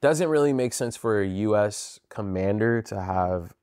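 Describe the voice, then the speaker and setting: A man's voice: on the low side, lively intonation, measured pace, darkish tone, smooth, dry recording, clean studio sound. A man hosting and narrating an investigative show, talking in a direct, incredulous way. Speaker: host.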